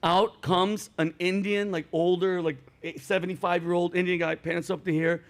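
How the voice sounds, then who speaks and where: A man hosting a comedy chat show, telling stories with animated delivery and acting out voices. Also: high voice, moderate pace. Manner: animated storytelling, acts out voices.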